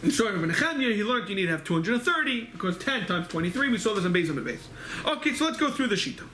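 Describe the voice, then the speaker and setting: A man with a very high, strikingly bright voice leads a Talmud lesson, firing off questions and answering them himself. The sound carries a roomy echo of a synagogue study hall. A faint hum of background noise sits under him. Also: big pitch swings. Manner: rapid, quizzing himself with questions. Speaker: Talmud class teacher. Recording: echoey hall recording.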